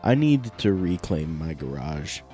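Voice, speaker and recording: A man's voice: a bass voice, sing-song, a little slow, warm tone, soft background music. A man hosting a car podcast, chatting casually, laughing easily and rambling a bit. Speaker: podcast host. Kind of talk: casual chat.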